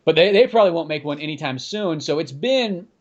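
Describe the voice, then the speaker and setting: A man hosting a podcast, chatting casually in a rambling, animated way full of "like". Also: fairly high pitch, fairly quick, highs cut off. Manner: rambling, animated, heavy use of "like". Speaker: podcast host. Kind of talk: casual chat.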